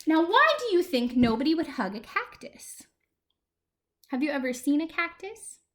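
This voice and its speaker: A woman's voice: high-pitched, normal speed. A woman librarian reading a picture book aloud to preschool children, asking them questions as she goes. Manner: animated, talks to small children.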